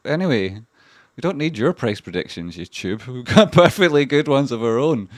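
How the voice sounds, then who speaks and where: A man's voice: medium pitch, lively intonation, moderate pace, no echo, studio quality. A Scottish man hosting a casual livestream, talking over charts with a rambling manner and plenty of swearing. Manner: heavy swearing, rambling and chatty. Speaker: livestream host.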